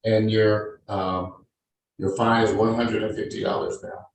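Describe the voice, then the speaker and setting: A man's voice: lowish voice, flat delivery, a little slow, creaky, slight background noise, rough recording. A man presiding as a judge, formally reading out charges, fines and rights in a court hearing. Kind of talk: court proceedings over a video call.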